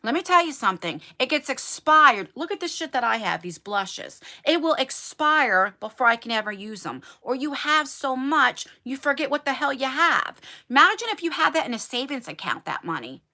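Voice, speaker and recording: A woman chatting casually with viewers during a livestream, animated and talkative, speaking from a converted attic bedroom. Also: high voice, moderate pace, hardly any pauses. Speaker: beauty YouTuber.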